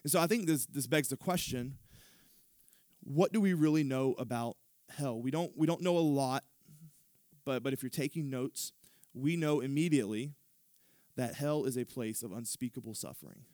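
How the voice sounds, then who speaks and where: A male pastor preaching a sermon, retelling scripture with animated storytelling and frequent restarts. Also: mid-range voice, moderate pace, dry recording, clean studio sound.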